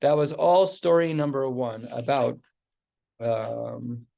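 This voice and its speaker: A man, a rabbi, teaching a Talmud lesson, reading Aramaic phrases and explaining them in a relaxed, conversational way. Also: medium pitch, takes it slowly, vocal fry. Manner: reads Aramaic then translates, conversational.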